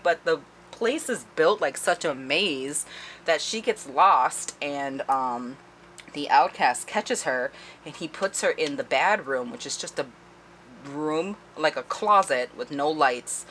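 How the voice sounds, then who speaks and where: A woman giving a casual, animated, profane book review, with many "like"s. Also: low-pitched, slow, a little hiss or hum. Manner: animated, profane, heavy use of "like".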